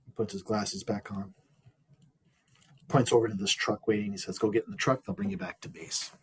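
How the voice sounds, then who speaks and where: Fairly low in pitch and very husky, this man's voice comes through a rough recording. As a guest in an interview, he recounts something personal with earnest reflection and many little restarts.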